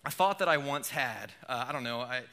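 A man preaching a sermon in a casual, animated way, with playful asides. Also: medium pitch, brisk. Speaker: pastor.

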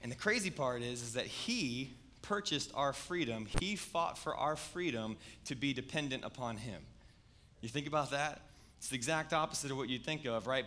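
A man's voice: medium pitch, bright, forceful tone. A man, preaching a sermon in a conversational, storytelling way. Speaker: pastor.

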